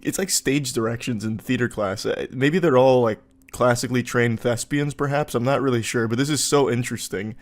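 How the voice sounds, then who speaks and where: A man's voice: mid-range voice, brisk, hardly any pauses. A man hosting a comedic commentary video, reading forum posts aloud and riffing on them in a sarcastic, incredulous way with plenty of filler words.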